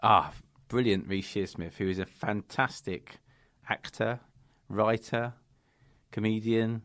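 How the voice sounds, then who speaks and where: A man co-hosting a podcast in casual chat, earnest and hesitant, with many pauses and ums. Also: lowish voice, a bit bright, no room sound, studio quality. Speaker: podcast co-host and children's author.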